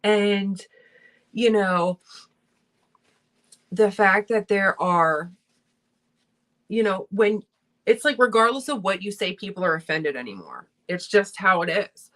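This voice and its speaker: A woman's voice: mid-range voice, lively intonation, slow, long pauses, fairly bright tone. A young woman hosting a casual makeup livestream, talking bluntly and heatedly with plenty of swearing. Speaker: beauty vlogger hosting a livestream. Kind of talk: casual livestream chat while doing makeup.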